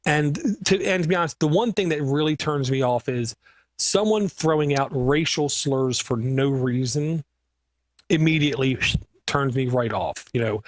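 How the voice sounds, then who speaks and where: With a mid-range voice and no room sound, a computer repair business owner talks casually on a podcast. He's an animated storyteller who performs his customers' lines.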